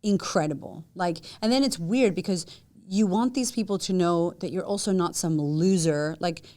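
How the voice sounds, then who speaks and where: A woman with a lowish voice speaks as a podcast guest. She talks casually and tells stories with animated energy, acting out the lines she quotes. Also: moderate pace. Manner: animated storyteller who acts out quotes. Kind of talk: casual interview chat.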